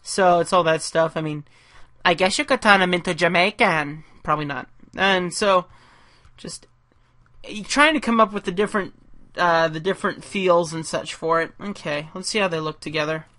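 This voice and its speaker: Male caricature artist, bright voice, casual and rambling, self-deprecating, talks through his drawing. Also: high-pitched, moderate pace.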